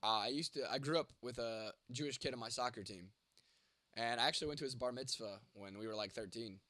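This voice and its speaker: A man's voice: medium pitch, brisk, bright, forceful tone, dry recording. Congested, blunt, profane young man. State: congested, losing his voice. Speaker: content creator. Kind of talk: late-night livestream Q&A, reading chat. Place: home at night.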